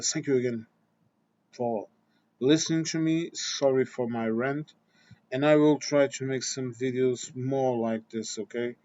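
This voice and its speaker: A man's voice: mid-range voice, darkish tone, lo-fi sound. A man delivering a blunt, exasperated opinion rant to his viewers, swearing and restarting his sentences. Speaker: vlogger.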